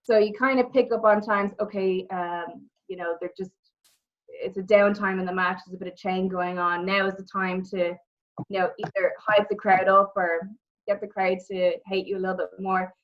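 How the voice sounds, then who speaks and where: A young woman with a Dublin Irish accent, a guest telling lively stories in a casual interview. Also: medium pitch, normal speed. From Ireland. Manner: animated storytelling, repeats words, acts out quotes. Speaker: interview guest, former wrestler and actress. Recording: muffled lo-fi audio.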